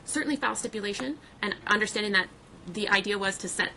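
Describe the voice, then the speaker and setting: A woman judge runs a courtroom hearing, firm and procedural as she lays out her rulings. She talks fast, and her voice has a bright, pointed edge. A light hiss of courtroom recording sits behind her. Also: mid-range voice, gravelly, low-quality recording.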